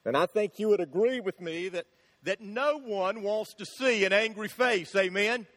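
A man preaching a sermon, telling funny stories in an animated way and acting out the shouting in them. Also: sits high, moderate pace. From Florida, USA. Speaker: pastor. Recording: long hall reverb.

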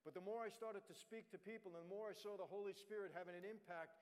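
A man's voice: high-pitched, steady tone, fast talker. Blunt New man preaching in a reverberant hall. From New York, USA. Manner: blunt, conversational, addresses the audience directly. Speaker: guest speaker. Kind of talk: testimony sermon. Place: church. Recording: long reverb of a large hall.

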